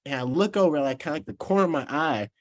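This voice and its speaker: A man in his twenties from Georgia in the US, a professional baseball player telling an animated story in a casual interview, laughing and restarting his sentences. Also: a little high, fast talker. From Georgia, USA. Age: 20s.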